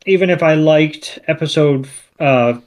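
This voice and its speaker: A man's voice: fairly high pitch, a little slow. A man co-hosting a podcast, chatting casually with wry, joking remarks. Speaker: podcast co-host. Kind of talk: casual chat.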